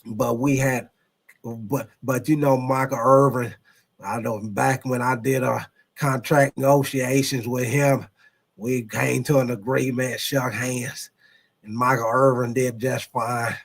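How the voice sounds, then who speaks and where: A man doing an impression of an older team owner, talking in a slow, halting, folksy drawl. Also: medium pitch, little pitch movement, gravelly, voice pushed down. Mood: explaining.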